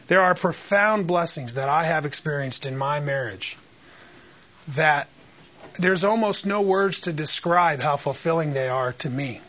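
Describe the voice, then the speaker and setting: A man leads a church Bible lesson, preaching and putting questions to the room. His voice sits high and comes across bright. The recording is a bit dull and lo-fi. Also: unhurried. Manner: preacherly, asks the group questions. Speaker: Bible teacher. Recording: dull lo-fi sound.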